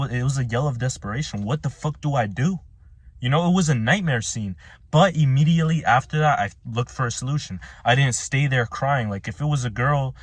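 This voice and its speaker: A man's voice: medium pitch, no room sound. Blunt, profane young man telling a story. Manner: blunt, profane, slangy, with frequent restarts. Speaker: vlogger telling a work story. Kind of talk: casual storytelling to camera.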